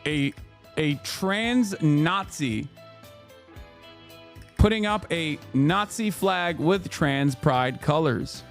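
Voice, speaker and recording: A man in his thirties giving sarcastic, incredulous livestream commentary on posts, jumping to sudden high exclamations. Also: extremely slow, pauses often, soft background music. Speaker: streamer reacting to posts.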